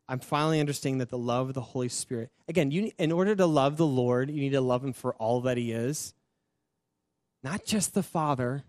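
A young adult man, a pastor, sharing his personal testimony in an earnest, emotional storytelling manner with soft laughs. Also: medium pitch, no echo.

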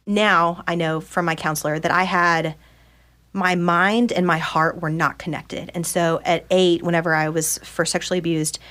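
A woman's voice: lowish voice, little pitch movement, normal speed, fairly bright tone. A woman in her thirties, a podcast guest, telling her personal story openly and earnestly and acting out the people she quotes. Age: 30s. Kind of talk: candid personal storytelling in conversation.

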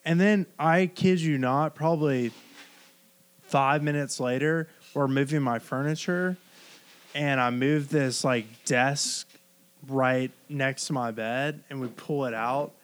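A man's voice: medium pitch, clear, resonant tone. A young man hosting a podcast, talking casually and swearing now and then. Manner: slow, laid-back, swears casually. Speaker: podcast host. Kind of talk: casual chat.

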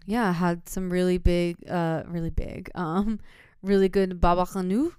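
A woman's voice: fairly low pitch, steady tone, unhurried, background noise. A young woman co-hosting a podcast, telling a long story in a rambling way, full of fillers and laughs. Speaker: podcast co-host. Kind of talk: casual podcast chat.

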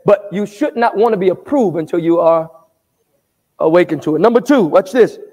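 A man with a notably high voice preaches a sermon in a church sanctuary, tossing questions out for the congregation to answer. He pushes up into shouted emphasis at times, and his words ring out with the long reverb of a large hall. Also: animated, moderate pace. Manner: call-and-response preaching, asking the congregation to answer back. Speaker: pastor.

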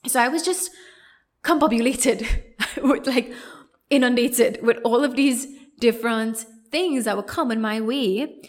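A woman's voice: fairly high pitch, measured pace. A young adult woman, a yoga teacher, telling a personal story on her podcast in a chatty, rambling way full of "like". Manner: chatty, rambling, heavy on 'like'. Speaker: podcast host.

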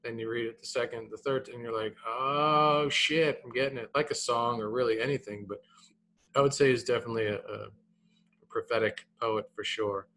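A man in his thirties co-hosting a casual podcast, animated and repeating his words, tagging "man" onto his sentences. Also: medium pitch, a little fast, slight background noise. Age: 30s. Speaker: podcast co-host.

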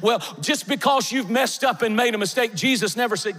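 A male pastor with a notably high voice preaches with fervor, his lines swelling into shouts. The sound rings out with the long reverb of a big church sanctuary. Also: a little fast. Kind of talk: sermon. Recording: long reverb of a large hall.

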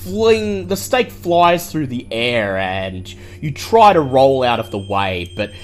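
A man's voice: mid-range voice, very animated, slow, soft background music. A man running a tabletop game, explaining rules and narrating the action vividly. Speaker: game master.

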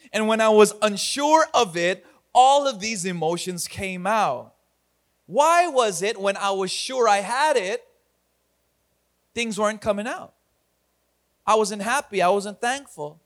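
A man's voice: high voice, animated, a little slow, long pauses, a bit bright. A man preaching an online church sermon as pastor. He talks energetically to his viewers and often laughs at himself.

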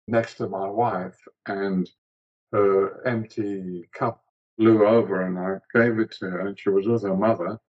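Husky man telling his story earnestly. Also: on the low side, dull audio. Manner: earnest storytelling, gently wry. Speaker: guest. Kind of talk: personal testimony in casual chat.

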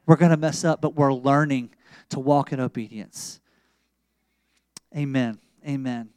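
A man preaching a sermon in a casual, slangy storytelling way, swinging between loud emphasis and quiet, intimate moments. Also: mid-range voice, steady tone, unhurried, clean tone, no room sound. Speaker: pastor.

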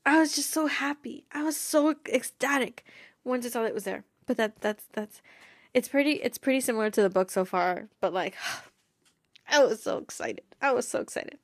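A woman's voice: a little high, normal speed, dry recording, clean studio sound. Bubbly, giggly woman gushing on a podcast. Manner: rambling with frequent fillers like "like" and "you know". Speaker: podcast host. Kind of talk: casual fan podcast chat.

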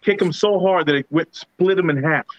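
A man's voice: a little high, moderate pace, a loud crowd. A man on a podcast reacting with hyped comments and laughter. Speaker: podcast co-host. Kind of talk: casual chat. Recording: dry lo-fi sound.

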